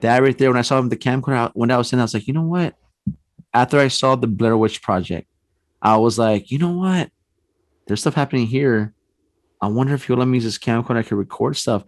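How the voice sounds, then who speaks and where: Animated man telling a ghost story. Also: mid-range voice, a little fast, no room sound. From San Antonio, Texas. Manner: animated storyteller, acts out quotes, frequent restarts and "man". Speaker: paranormal investigator guest. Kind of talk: casual storytelling on a podcast.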